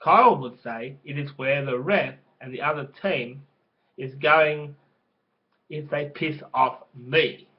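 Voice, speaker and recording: A man's voice: medium pitch, takes it slowly. A man telling a crude, rambling story in casual spoken style, with swearing and restarts. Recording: dull lo-fi recording.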